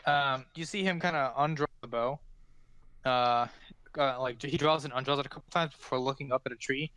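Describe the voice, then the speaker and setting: A man's voice: medium pitch, brisk, bright, forceful tone, slight background noise. A man narrating a tabletop game as game master, rambling with many fillers.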